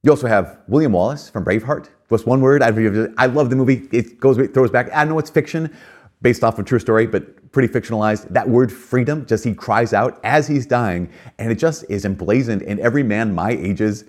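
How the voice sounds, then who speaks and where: A man's voice: medium pitch, fairly quick, darkish tone. A man giving a reflective spoken talk, earnest and conversational, with frequent fillers and emphatic rises.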